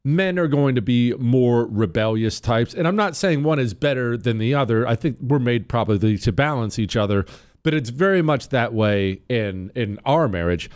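Animated middle-aged man spinning a yarn. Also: mid-range voice, normal speed. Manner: animated, defiant, rambling. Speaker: podcast guest. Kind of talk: casual storytelling.

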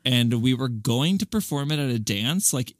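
Young man, podcast co-host, casual chat, earnest, mid pitch, dry close sound. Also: expressive, normal speed, dry recording.

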